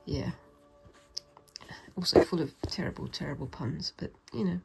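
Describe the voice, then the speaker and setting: A British craft vlogger chats casually while stitching a project, rambling a bit and poking fun at herself, sometimes speaking softly. Her low voice is sing-song, slow and creaky, with frequent pauses. Loud music plays over the low-quality recording.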